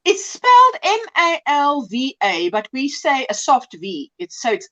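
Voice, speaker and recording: A woman's voice: high-pitched, wildly swooping pitch, measured pace, hardly any pauses, fairly bright tone, highs cut off. A woman from South Africa with a South African accent, hosting a casual crafting livestream and greeting viewers by name. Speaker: livestream host.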